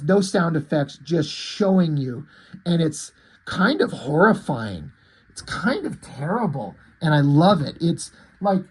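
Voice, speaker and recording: Host, male, casual comic reviewer, slightly breathy, meandering delivery. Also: on the high side, poor audio. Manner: rambling, loose, swears casually, many "like"s. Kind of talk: casual recap of a comic issue.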